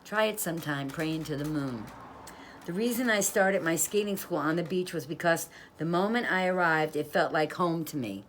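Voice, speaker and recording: A woman's voice: low voice, normal speed, slight background noise. A woman author reading from and talking about her own inspirational book, upbeat and a little preachy, rolling through long rhythmic lists. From New York.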